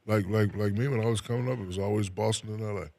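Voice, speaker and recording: A man from New Jersey with a very low, deep voice, talking as an interview guest. He is laid-back and soft-spoken, drops into quiet murmurs and pads his answers with fillers. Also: fairly even intonation, quick pace, vocal fry, no room sound. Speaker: guest, retired basketball player. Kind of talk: casual interview.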